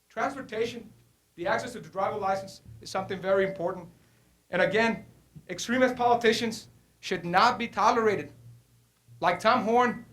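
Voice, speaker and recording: A speaker giving a forceful political public comment. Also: medium pitch. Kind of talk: public comment at a board meeting.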